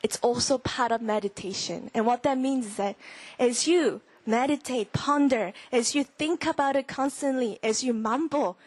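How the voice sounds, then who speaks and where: A young woman gives a Bible lesson in an easy, chatty way. Her voice sits high, and the sound is dry and close. She often acts out her own inner thoughts and whispers verses to show how to ponder them. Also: dry recording, rough recording. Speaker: Bible teacher. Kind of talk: sermon-style teaching.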